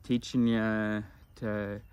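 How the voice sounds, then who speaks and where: A man vlogging in a rambling, philosophical monologue, often restarting his sentences and swinging between loud and mumbled. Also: lowish voice, little pitch movement, drawn-out words, clear, resonant tone. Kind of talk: casual rambling monologue to camera.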